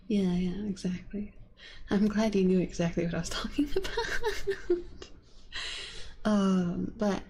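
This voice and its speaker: Woman ASMR streamer, mellow gravelly voice, rambly soft chat with some whispering into a binaural mic. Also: medium pitch, slow, a little hiss or hum. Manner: rambling and chatty, with many fillers. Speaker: VTuber streamer. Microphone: binaural ASMR microphone.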